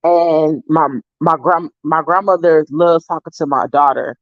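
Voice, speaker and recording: A woman vlogger casually telling family stories to her viewers, animated and swearing freely. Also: deep voice, unhurried, dry recording, dull audio.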